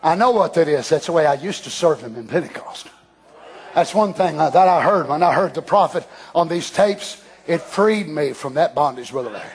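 A man preaching a fervent sermon, dropping to hushed asides and then rising to shouted declarations. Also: fairly high pitch, lively intonation, normal speed. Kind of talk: Pentecostal-style sermon.

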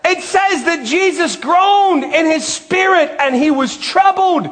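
A man with a strikingly high voice delivers a fervent sermon. He swings between measured reading and loud, ringing emphasis, stretching out the words he wants to land. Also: lively intonation. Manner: impassioned preaching, often shouting, drawn-out emphasis. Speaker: preacher.

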